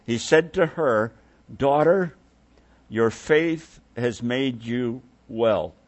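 A male preacher delivering a sermon at a slow, deliberate pace. He lingers over his words, sinks into hushed low tones when he quotes, and lifts his voice when he presses a point. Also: expressive. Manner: unhurried, drops to soft low tones for quoted words, swells when emphatic.

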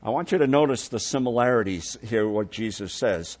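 A man preaching a sermon, unhurried, dropping to soft low tones for quoted words and swelling when he makes a point. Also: lively intonation.

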